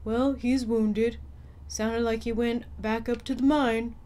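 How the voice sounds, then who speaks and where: A woman voicing a large, gentle bear of a young man in a video game, reading his lines in a calm, measured way. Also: fairly high pitch.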